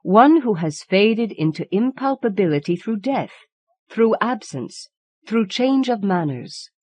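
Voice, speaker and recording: A woman reading an audiobook, voicing an intense young male student who speaks slowly and emphatically. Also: medium pitch, sing-song, a little mellow, no echo, pitched above the performer's own voice. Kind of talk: audiobook character voice.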